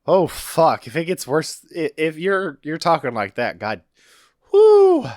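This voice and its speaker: A man co-hosting a podcast, reacting to the story with loud, excited swearing. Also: a little high, measured pace, no echo, clean studio sound. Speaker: podcast co-host. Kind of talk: casual chat.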